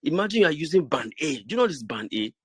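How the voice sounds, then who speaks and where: A man's voice: a little high, very animated, fast talker, slightly rough, dry recording. A middle-aged man with a Nigerian accent, giving a preachy motivational talk to his business group with many restarts and repeated phrases. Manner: preachy and repetitive, stammers and restarts.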